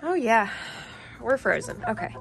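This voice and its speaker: A woman's voice: sing-song, a little slow, creaky, noisy background. Chatty woman vlogging her chicken chores. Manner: chatty, talks sweetly in a high voice to her hens. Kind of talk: casual vlog narration during chores. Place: outdoors at a chicken coop in freezing weather. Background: clucking chickens.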